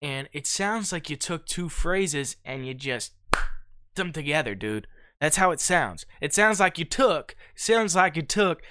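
A man's voice: on the high side, measured pace, background noise. A man hosting a podcast, casually breaking down a song in slangy talk and checking in with "okay?" after each point. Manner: animated, keeps checking in with "okay?"; slangy, calls listener "dude" and "bro". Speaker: podcast host.

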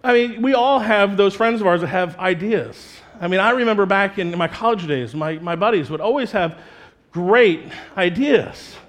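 A man preaching a sermon as pastor, talking in a conversational, animated way and slipping into playful quoted voices. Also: high voice, normal speed.

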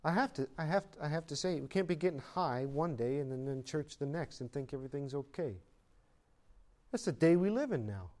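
A high-voiced male pastor delivers a sermon. He reads scripture slowly and deliberately. Then he swings between emphatic, raised declarations and quiet, conversational asides. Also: expressive. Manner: preaching with emphatic rises and hushed asides.

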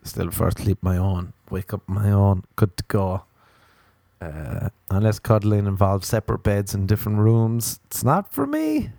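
A man's voice: lowish voice, flat delivery, unhurried, gravelly, warm tone, no room sound. A man hosting a solo comedy podcast, rambling through crude, self-mocking observations. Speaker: podcast host.

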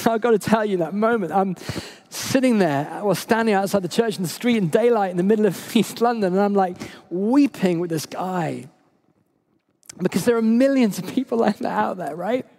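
Emotional, chatty preacher with a high-ish voice. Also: male voice, normal speed, darkish tone. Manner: conversational, emotional storytelling with frequent laughs. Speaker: priest. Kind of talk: sermon. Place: church service.

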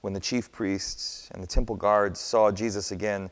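A man narrating a scripture story in a measured, expressive reading. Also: lowish voice. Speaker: scripture reader. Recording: long hall reverb.

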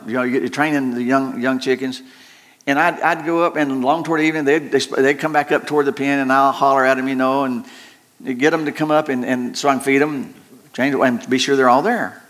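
A man's voice: medium pitch, fairly bright tone. Folksy preacher man. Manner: folksy and joking, rambling with many restarts. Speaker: pastor. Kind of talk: sermon.

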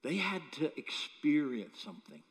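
Animated preaching man in a hall. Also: on the high side, normal speed. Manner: animated, humorous storytelling with chuckles. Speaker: pastor. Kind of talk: sermon. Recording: echoey hall.

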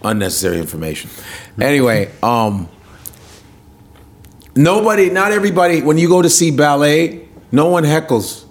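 A standup comedian, chatting casually on a podcast, animated and profane, acting out hecklers. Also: male voice, a little high, normal speed, pauses often. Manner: animated, profane, acts out hecklers in funny voices.

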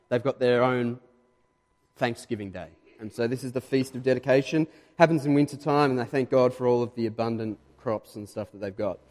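A man with an Australian accent preaching a sermon in a conversational, emphatic way, pushing louder on key points. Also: mid-range voice, in a large hall. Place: church hall.

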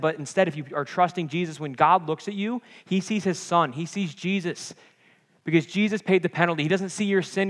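A man preaches with fervent, swelling delivery, his voice sitting a little high for a man. He drops into casual, joking asides to the congregation between the big lines, and a long reverb from the church hall trails behind him. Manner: passionate, rising and falling preaching with call-outs. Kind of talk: sermon.

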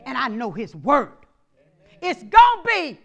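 A woman pastor preaching a sermon, swinging from soft asides to loud call-and-response exhortation. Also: high voice, huge pitch swings, a little slow.

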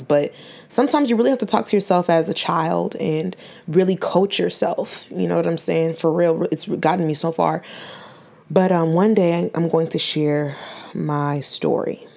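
21-year-old woman, podcast host, lowish voice with lots of fry, earnest and near tears, stumbles and repeats herself. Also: darkish tone. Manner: earnest, faith-filled, repeats and restarts phrases. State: holding back tears. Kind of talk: emotional personal testimony.

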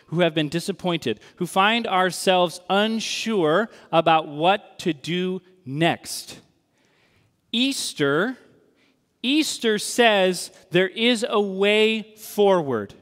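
A man's voice: sits high, fairly bright tone. A male pastor preaching a sermon in a conversational, earnest and wry way. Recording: long reverb in a large hall.

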